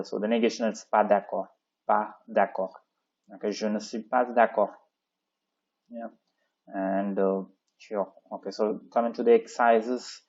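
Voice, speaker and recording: A man's voice: lowish voice, a little mellow. A man teaching a French textbook lesson, explaining in with many "okay, so" fillers and reading French phrases aloud. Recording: dull lo-fi sound.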